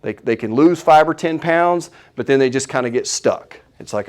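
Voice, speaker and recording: A man giving a live health seminar, opinionated and animated, asking the audience questions as he goes. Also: mid-range voice, moderate pace. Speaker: chiropractor giving a health talk.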